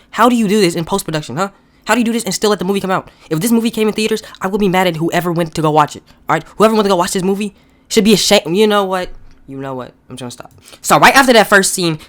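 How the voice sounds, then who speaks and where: A comedic movie reviewer who rants in exasperation and keeps repeating outraged questions about a bad film. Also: mid-range voice.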